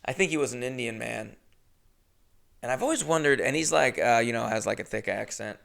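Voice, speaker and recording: A young man hosting a podcast, telling a comedic story in a rambling, profane, animated way. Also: mid-range voice, a little fast, gravelly. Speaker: podcast host.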